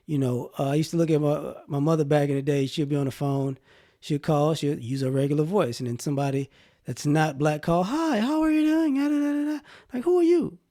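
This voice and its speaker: This vlogger is a man with a Southern US accent whose slightly high voice has a warm tone. He wanders conversationally through his views, using plenty of fillers along the way.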